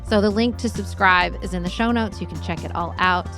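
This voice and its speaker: A woman's voice: on the low side, fairly quick, over music. A woman with a Southern US accent, co-hosting a casual podcast, chatty and enthusiastic. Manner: chatty, enthusiastic, says "y'all". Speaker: podcast co-host. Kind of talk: casual conversational podcast chat.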